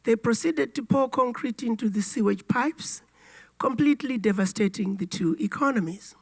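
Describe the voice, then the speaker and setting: A woman ambassador giving a formal speech, hoarse and raspy as she gets over a cold, telling history with emphatic storytelling. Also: on the high side, moderate pace. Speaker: ambassador giving a keynote address.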